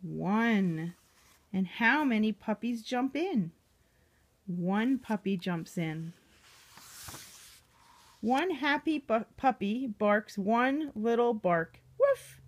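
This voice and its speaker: A woman reading a picture book aloud to a young child, gently asking the child questions as she goes. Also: on the high side, expressive, extremely slow, pauses often.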